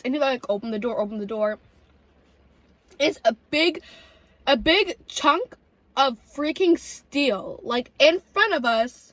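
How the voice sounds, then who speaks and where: A young woman vlogger telling a story while eating, chatty and animated, full of "like" and "literally". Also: fairly high pitch, moderate pace, long pauses, no room sound.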